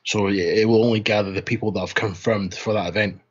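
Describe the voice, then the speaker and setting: A man's voice: on the low side, fairly even intonation, quick pace, highs cut off. A man co-hosting a gaming podcast in casual chat, rambling, laughing and restarting his words. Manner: rambling, laughing, repeats words when starting. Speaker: podcast host.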